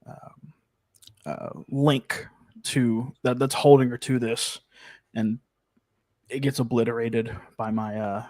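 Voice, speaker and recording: A man playing a tabletop role-play in character, describing his actions haltingly with fillers. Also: mid-range voice, steady tone, a little mellow, no echo, studio quality. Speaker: player.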